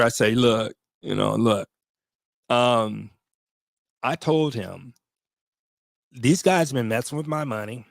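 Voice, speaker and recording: A man's voice: mid-range voice, slow, creaky, pauses often, no room sound. A man in his fifties, a veteran vlogger, tells a story to his viewers in a blunt, profane way, with emotional asides.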